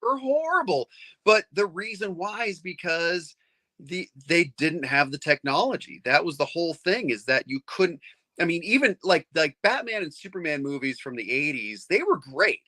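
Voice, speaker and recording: Middle-aged guy rambling excitedly, bright forceful tone, super dry close sound. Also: a little high, no room sound. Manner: rambling, excited, lots of restarts. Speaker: comics fan on a panel show. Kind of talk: casual chat.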